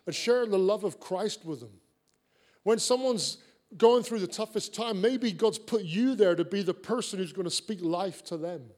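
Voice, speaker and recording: A man preaching a sermon, an earnest and animated storyteller who likes repeated phrases. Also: sits high.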